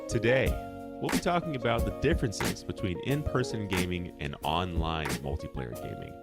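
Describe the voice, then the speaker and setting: Deep, lively podcast host guy. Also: normal speed, vocal fry, over loud music. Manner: friendly, upbeat, rambling with fillers. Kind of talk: casual podcast chat. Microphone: podcast microphone.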